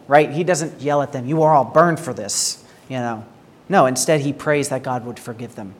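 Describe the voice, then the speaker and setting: Earnest preaching man in a reverberant hall. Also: mid-range voice. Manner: earnest, rhetorical questions, repeats words when starting phrases. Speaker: pastor. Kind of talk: sermon.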